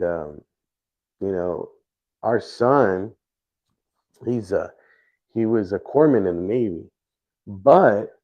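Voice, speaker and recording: A middle-aged man hosting a livestream, talking in a rambling, halting way with many restarts. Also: on the low side. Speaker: livestream host. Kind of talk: casual livestream chat. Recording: dull lo-fi stream audio.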